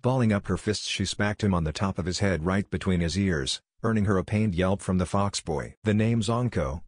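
A man narrating a fan fiction story in a steady, even reading voice. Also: low voice, a little fast, no echo, clean studio sound.

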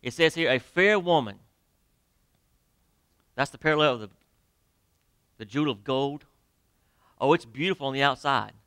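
Bright, clear-voiced preaching pastor. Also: male voice, mid-range voice, dry recording. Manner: emphatic preaching, pauses and drops to near quiet; addresses the congregation directly with questions. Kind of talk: sermon. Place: church sanctuary.

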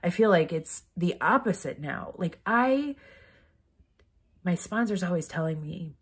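Mom vlogger talking straight to camera, low husky voice, rambly and heartfelt, kinda teary. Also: female voice, moderate pace. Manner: rambling, heartfelt, many "like" fillers. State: emotional, near tears. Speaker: vlogger, mother. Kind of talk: candid personal vlog talk.

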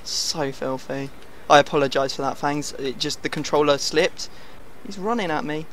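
A young man, teasing his opponent while commentating a football video game in a jokey, excitable way. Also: a little high, moderate pace, slight background noise. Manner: teasing, jokey, swings into loud excited shouts. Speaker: gaming channel host.

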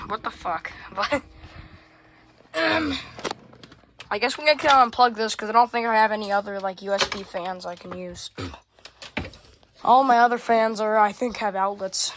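A woman casually narrating a home vlog while fumbling with gear and cursing often, recorded on a phone. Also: a little high. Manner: rambling, swears a lot, fumbles with gear. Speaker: fan collector vlogger. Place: home room. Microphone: phone camera. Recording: phone video with loud fan noise behind.

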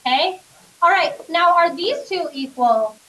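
A woman's voice: extremely high pitch, animated, measured pace, sharp tone, reverberant. A woman teaching a math class, questioning her students and coaxing them along step by step. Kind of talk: classroom lecture. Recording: distant classroom recording.

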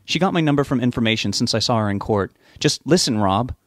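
A frightened, tearful mother pleads down the phone line, as a male narrator raises his voice for her. Her voice rides higher than his usual reading, strained and urgent. The recording is close and dry. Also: animated, fast, no room sound, natural voice. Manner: distressed, pleading, near tears. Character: worried tearful middle-aged mother on the phone.

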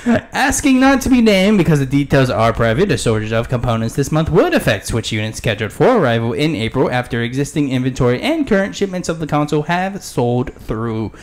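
A man's voice: mid-range voice, very animated, a little fast, hardly any pauses. Chuckly, rambling podcast host man. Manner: rambling, chuckly, trails off mid-word. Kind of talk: casual gaming podcast chat and reading news aloud.

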